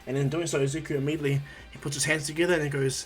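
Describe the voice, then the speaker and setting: A man's voice: fairly high pitch, level tone, rapid-fire. Male storyteller, rambling, filler-heavy, faint music bed. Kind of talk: casual fan-story retelling.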